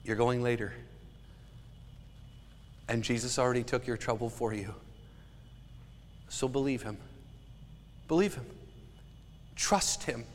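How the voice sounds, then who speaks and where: A man's voice: mid-range voice, slow pace, pauses often, big-room sound, a little hiss or hum. A man preaching a sermon as a pastor, earnest and emphatic.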